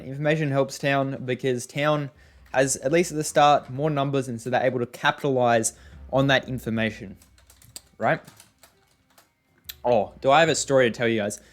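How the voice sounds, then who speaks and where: A young man giving casual, rambling gameplay commentary, often exasperated, with many fillers and restarts. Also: medium pitch. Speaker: gaming YouTuber.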